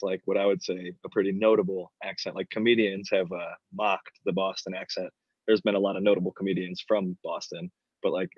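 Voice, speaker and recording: Podcast host, low flat voice, long measured questions, dry muffled audio. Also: male voice, slightly rough, dry recording. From Michigan, USA. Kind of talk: casual interview chat.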